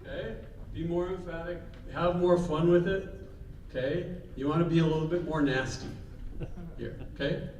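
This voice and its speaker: A man's voice: a little high, steady tone, normal speed, a little mellow, a little hiss or hum. A man coaching a vocal group, counting in and singing short example phrases. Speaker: vocal clinician. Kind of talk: choir coaching. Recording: echoey room, mic far off.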